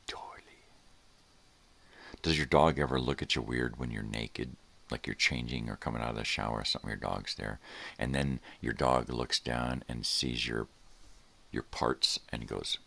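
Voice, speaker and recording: Gravelly, very deep older man rambling. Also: steady tone, a little slow, long pauses, a bit bright. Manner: rambling and laid-back, drifting between topics, often trailing into mumbles. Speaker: host. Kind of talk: casual morning livestream chat.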